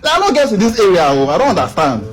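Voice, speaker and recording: A man with a Nigerian accent acting in a comedy skit, excited and teasing. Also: sits high, racing, faint music behind.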